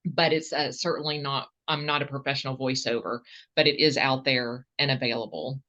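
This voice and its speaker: A woman's voice: a bass voice, steady tone, a little fast, a bit bright, muffled recording. A woman with a Southern accent speaking earnestly as a podcast guest, often stopping and restarting her phrases. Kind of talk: casual interview answers.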